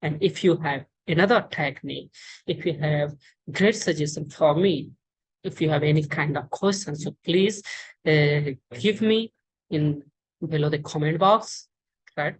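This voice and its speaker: A woman's voice: low voice, poor audio. An Indian woman who teaches English, with an Indian accent, explaining pronunciation in an online lesson with many fillers and restarts. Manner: halting, many fillers and restarts, repeats words. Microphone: screen-share recording.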